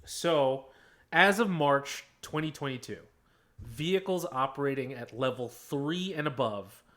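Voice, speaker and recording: A man co-hosting a casual podcast, walking friends through his research in a halting way with many fillers. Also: medium pitch, a bit bright. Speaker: podcast co-host presenting research.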